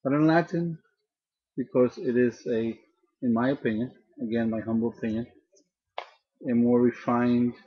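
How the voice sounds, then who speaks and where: A man teaching a grammar lesson, repeating each word slowly to drill its pronunciation. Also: mid-range voice, steady tone, breathy edge, muffled recording. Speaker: language teacher. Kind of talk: slow spoken grammar lesson.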